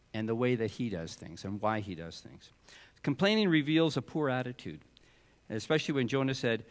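A man preaching a sermon, acting out the voices of the figures in the story with animated delivery. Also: on the high side. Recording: reverberant hall.

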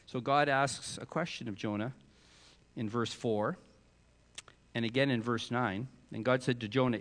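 A man preaching a sermon, acting out the voices of the figures in the story with animated delivery. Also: mid-range voice, moderate pace. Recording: reverberant hall.

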